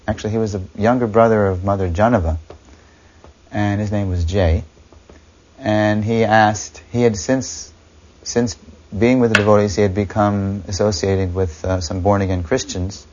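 A man's voice: on the low side, darkish tone. A man telling a story reflectively, picking his words carefully as he explains. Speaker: devotee recounting memories. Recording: dull lo-fi recording.

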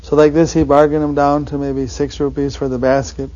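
A man recounting anecdotes in a reminiscing interview, halting and full of fillers. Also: fairly high pitch, little pitch movement, mellow, highs cut off. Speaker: devotee recalling his teacher.

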